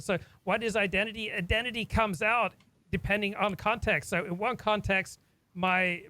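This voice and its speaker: A man's voice: high-pitched, pushed and bright, no echo, poor audio. A man from Australia hosting a talk, speaking in an earnest, reflective way and often repeating words as he thinks. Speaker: host. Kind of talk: casual discussion.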